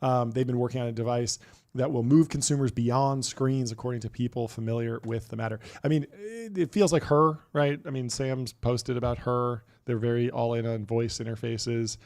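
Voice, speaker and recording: A man hosting a podcast, talking in a casual, animated way and reading quotes aloud in between. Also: medium pitch, moderate pace. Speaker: podcast host.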